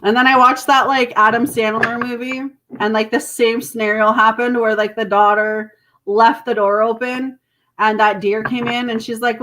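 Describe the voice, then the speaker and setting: A woman's voice: on the high side, level tone, normal speed, pushed and bright. A Canadian woman, mother of grown children, giving a chatty, reassuring live tarot reading to viewers. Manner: chatty, reassuring, laughs often. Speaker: tarot reader.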